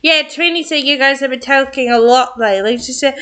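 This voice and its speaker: A woman's voice: high-pitched, fairly quick, fairly bright tone. A young woman reads a script aloud and reacts to it, gushing, tearful and laughing often. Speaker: fan reading and reacting to a script. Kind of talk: excited reaction vlog, reading a script aloud.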